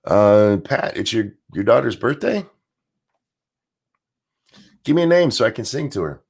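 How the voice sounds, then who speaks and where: A man with a strained, hoarse voice, ranting casually as host of a live stream and reading out viewer messages. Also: mid-range voice, sing-song, measured pace, darkish tone. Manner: blunt, rambling, reads out viewer messages. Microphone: desk mic.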